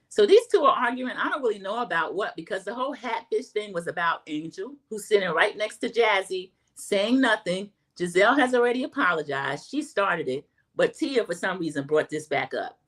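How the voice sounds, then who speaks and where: Chatty, animated woman recapping a show. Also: medium pitch, a little fast. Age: middle-aged. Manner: chatty, animated, talks straight to viewers. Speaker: host. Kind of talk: casual livestream recap chat.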